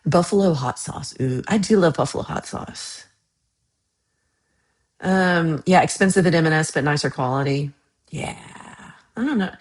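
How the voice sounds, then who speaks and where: A woman's voice: fairly low pitch, unhurried. Chatty American woman hosting a livestream. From United States. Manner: chatty, laughs often, trails off into mumbles. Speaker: livestream host. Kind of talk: casual livestream chat reading comments.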